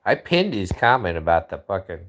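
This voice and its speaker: Brief: male stream host, profane rambling rant, very animated intonation. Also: deep voice, brisk. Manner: profane, rambling, restarts often. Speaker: livestream host. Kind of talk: casual livestream rant.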